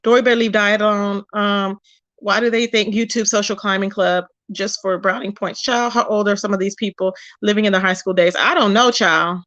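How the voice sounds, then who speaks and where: A woman's voice: mid-range voice, fairly even intonation, brisk, fairly bright tone, dull audio. A woman hosting a casual livestream, chatting sassily about online drama and greeting viewers in the chat by name. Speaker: livestream host. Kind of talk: casual gossip commentary.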